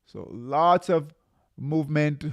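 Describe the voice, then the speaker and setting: A man's voice: a little high, no echo, clean studio sound. A man hosting a live market update, calling buy and sell signals and repeating his warnings, with many fillers and restarts. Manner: repeats himself, drawn-out warnings, calls out signals. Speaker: trading show host.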